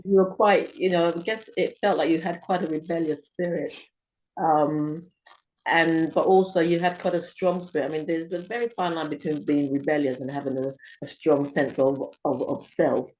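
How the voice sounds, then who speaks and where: A woman's voice: low-pitched, steady tone, normal speed, darkish tone, slight background noise. A woman hosting a casual interview who asks long, rambling questions. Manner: chatty and rambling, with many restarts and fillers. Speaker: talk show host. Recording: dull, muffled recording.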